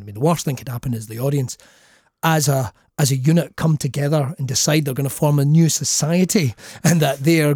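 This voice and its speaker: A man's voice: a little high, no echo, clean studio sound. A Scottish man, a comedian guest on a podcast, telling sweary stories and acting out the people in them. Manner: swearing, animated storyteller acting out quotes. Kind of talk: casual podcast chat.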